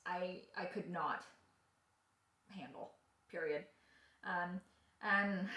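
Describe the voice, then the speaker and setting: A woman's voice: mid-range voice, a bit bright. A woman in her thirties who trains dogs, giving a friendly, chatty orientation for an online class. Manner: friendly, chatty, with fillers and laughs. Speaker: dog trainer and class owner. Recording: echoey room.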